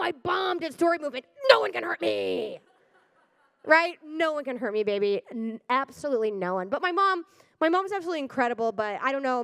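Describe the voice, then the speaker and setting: High-voiced animated woman comic. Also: dry recording, clean studio sound. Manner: animated, swearing, acts out loud voices. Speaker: stand-up comic. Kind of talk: stand-up comedy set. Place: stage before a live audience.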